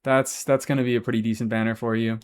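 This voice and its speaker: A man's voice: mid-range voice, level tone, fast talker, clear, resonant tone. A man live-streaming a game, chatting casually and answering chat, swearing freely as he talks. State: has hiccups.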